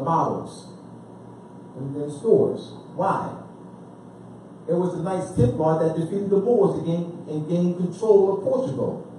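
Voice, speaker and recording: Man, informal history talk, dark mellow tone, repeats himself for emphasis, very echoey hall, faint background hiss. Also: high-pitched. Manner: asks the listener questions and repeats himself for emphasis. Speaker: speaker lecturing on history. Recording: echoey room, speaker far from the mic.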